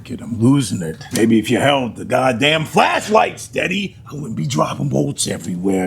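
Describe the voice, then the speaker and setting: A man's voice: mid-range voice, creaky, a little hiss or hum. A man playing a bitter, crude divorced father who rants and swears at his kid in a comedy sketch. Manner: crude, ranting, exasperated, swearing. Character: angry bitter divorced middle-aged dad, crude. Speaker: comedic POV character sketch.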